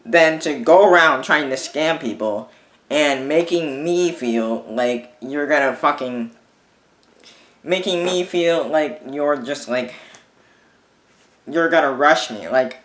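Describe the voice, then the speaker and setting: Bright-voiced man ranting in an echoey room. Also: medium pitch, unhurried. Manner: swears a lot, exasperated, rambling with restarts. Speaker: vlogger. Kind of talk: ranting casual monologue.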